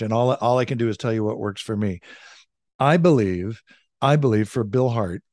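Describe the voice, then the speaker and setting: A middle-aged man, a leadership coach, telling stories in a casual, energetic way on a podcast, talking from his home office. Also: mid-range voice, no echo, clean studio sound. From California. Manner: energetic, conversational, frequent "like" and "right?". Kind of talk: podcast interview, storytelling. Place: home office with a large bookshelf. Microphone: studio desk mic.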